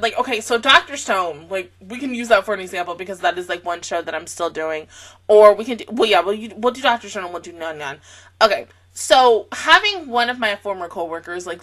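A woman hosting an anime reaction video, talking in a casual, rambling, excitable and emotional way. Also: medium pitch.

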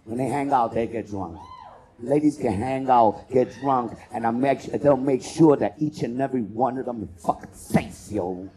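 A man doing a loud, profane stand-up comedy set as host, working the crowd and acting out bits. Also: medium pitch, moderate pace, husky. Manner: loud, profane, animated crowd work with acted-out voices.

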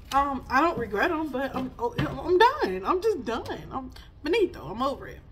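A woman's voice: high voice, very animated, moderate pace, a bit bright, slight background noise. A woman, giving a chatty spiritual reading full of laughs and sassy asides. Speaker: spiritual reader. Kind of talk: casual spiritual reading vlog.

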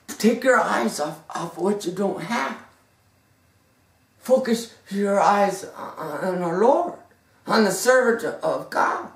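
A woman's voice: lowish voice, big pitch swings, slow, pauses often. Woman preaching, fervent, stammers a lot, far from the mic in an echoey room. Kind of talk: sermon.

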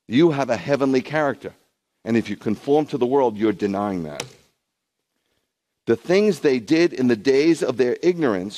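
A man, a rabbi, preaching a sermon to a streamed congregation, conversational with viewers at home and rising into emphatic bursts. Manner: emphatic preaching, surges high and loud in bursts.

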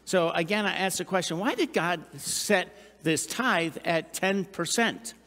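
A middle-aged man preaching a sermon, chatty and animated, with asides and questions to the congregation. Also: high voice, a little slow. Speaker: pastor. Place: church sanctuary. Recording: long reverb of a large hall.

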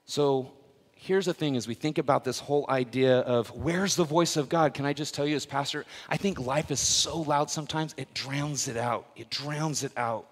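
A man's voice: medium pitch, moderate pace. A male pastor preaching a sermon in a church, telling a story with playful asides to the congregation. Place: church worship center. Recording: long hall reverb.

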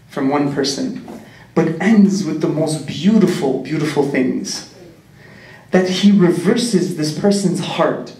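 A man's voice: fairly high pitch, warm tone, far from the mic, a little hiss or hum. A man tells a religious story to a community, earnestly asking his listeners rhetorical questions. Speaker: community speaker. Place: large prayer hall. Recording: echoey hall, mic set back.

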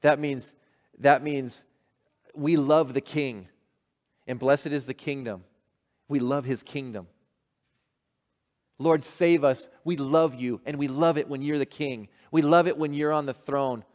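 A man's voice: medium pitch, fairly even intonation, unhurried, a little mellow. A male pastor giving a conversational, folksy sermon in a church hall, reading a story and leading prayer. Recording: long hall reverb.

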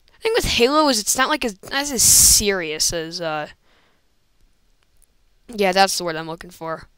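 A woman's voice: mid-range voice, moderate pace, clear, resonant tone, dry recording. A woman commentating her own video game play in a casual, rambling way, often exclaiming, into an old computer microphone. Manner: excitable, rambling, frequent exclamations and laughs.

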